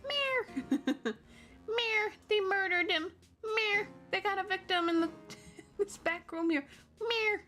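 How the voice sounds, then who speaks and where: A high, squeaky little tomcat, as a woman puts him on, insistent and meowing between warnings. His voice jumps well above her usual talk, delivered slowly, with faint music behind. The frantic game pet warns about danger. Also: lively intonation, sharp tone, full character voice. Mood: urgent. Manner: squeaky, insistent, breaks into meows. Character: small male cat urgently meowing warnings.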